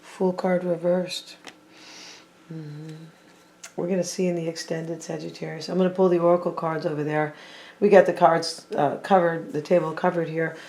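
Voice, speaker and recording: A tarot reader talking casually to viewers while laying out cards, thinking out loud and often saying what they feel, with playful teasing asides. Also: medium pitch, flat delivery, moderate pace, slight background noise. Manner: chatty, thinking aloud, repeats and hedges with "I feel like".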